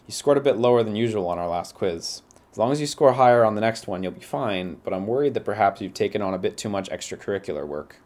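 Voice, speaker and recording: A man reading the measured lines of a caring, formal woman teacher from a game. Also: fairly low pitch, animated, a little mellow, lightly acted. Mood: concerned. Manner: reads game text aloud, measured.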